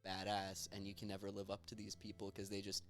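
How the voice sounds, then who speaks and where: A man's voice: on the low side, completely flat delivery, fast, a bit bright, soft background music. A young adult man hosting a podcast, chatting casually and animatedly about films, joking and retelling scenes. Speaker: podcast host. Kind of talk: casual chat.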